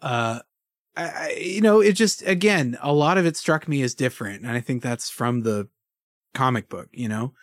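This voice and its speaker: A man's voice: mid-range voice, normal speed, no echo, clean studio sound. A man co-hosting a casual podcast over a remote call, thoughtful and hesitant with many fillers. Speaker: podcast co-host. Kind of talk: casual chat.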